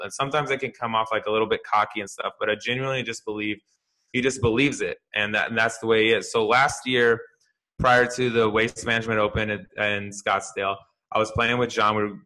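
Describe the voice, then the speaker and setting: A man co-hosting a sports podcast, telling stories in a loose, animated way with plenty of restarts and fillers. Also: fairly low pitch, poor audio. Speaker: podcast co-host, golf fantasy analyst. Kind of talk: casual podcast chat.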